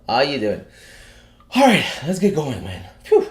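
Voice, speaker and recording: A man's voice: on the high side, sing-song, a little slow. A man hosting a casual live stream, chatty and full of fillers and restarts, sounding out of breath. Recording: echoey room.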